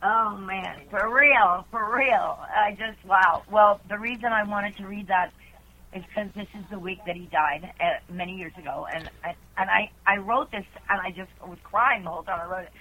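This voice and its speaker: A woman's voice: mid-range voice, moderate pace, sharp tone. A woman caller on a call-in show, reading her own poems in an earnest, chatty way. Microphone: telephone. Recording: tinny phone line.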